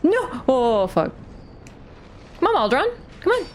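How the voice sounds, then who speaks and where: Young woman streamer, bit high voice, super lively, yelling at the game and laughing a lot. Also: unhurried, slight background noise. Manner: excitable, shouts at the game and laughs often. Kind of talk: live game streaming commentary.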